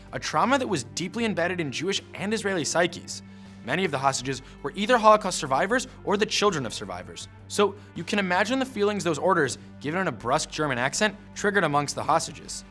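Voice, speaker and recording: A man's voice: high voice, very animated, quick pace, a bit bright, soft background music. A man giving scripted history narration in a punchy storytelling manner with wry asides.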